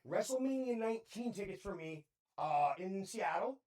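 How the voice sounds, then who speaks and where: A man in his thirties chats on a podcast in a high, lively voice that leaps up and down as he gets worked up. He spins his stories with a steady stream of slang and casual swearing. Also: normal speed. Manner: excitable storyteller, heavy slang and swearing. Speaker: podcast co-host. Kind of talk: casual chat.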